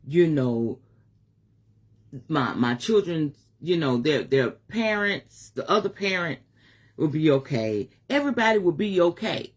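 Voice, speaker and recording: Middle-aged woman, spiritual advisor, open-hearted live-stream monologue with a breathy, husky edge. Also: deep voice, sing-song, measured pace. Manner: candid and emotional, swears casually.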